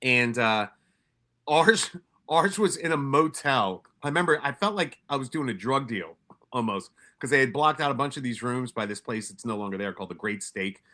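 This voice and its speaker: A man's voice: medium pitch, expressive, normal speed, sharp tone. A man from New York telling stories in a casual, profane way, with many restarts and quoted asides. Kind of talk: casual storytelling.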